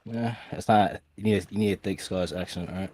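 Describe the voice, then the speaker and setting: Deep-voiced blunt young man caller. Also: fast talker, a little mellow, breathy edge. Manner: blunt, slangy, repeats "all right?". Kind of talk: casual call-in banter.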